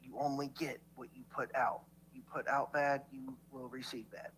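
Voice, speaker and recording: A man's voice: medium pitch, flat delivery, normal speed, fairly bright tone, a little hiss or hum, poor audio. Rambling, swearing man ranting. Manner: rambling, stammering restarts, heavy swearing. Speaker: livestreamer in played clips. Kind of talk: rambling profane rant.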